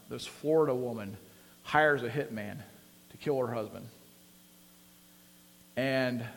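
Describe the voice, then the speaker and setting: A man preaching a sermon, casual and full of fillers, then building to emphatic peaks. His voice sits at an ordinary middle pitch. A long reverb trails behind him, as in a church hall.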